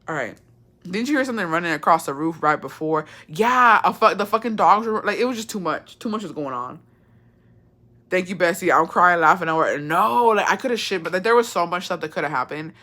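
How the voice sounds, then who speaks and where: Bright-voiced woman telling a wild story. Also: lowish voice. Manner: animated, profane, switches between English and Spanish. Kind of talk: casual storytelling to viewers.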